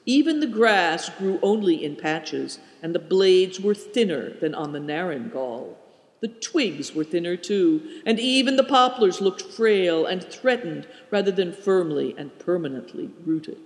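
A man narrates a storybook in a measured, storytelling manner, his voice fairly high and full of movement. The recording is roomy, with a long, ringing reverb. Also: sing-song. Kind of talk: audiobook narration.

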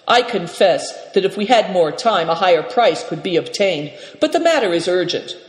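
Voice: medium pitch, expressive, moderate pace, natural voice. A storyteller voicing a shrewd, jovial male trader who bargains with sly courtesy. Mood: sly, genial. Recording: reverberant, echoey room.

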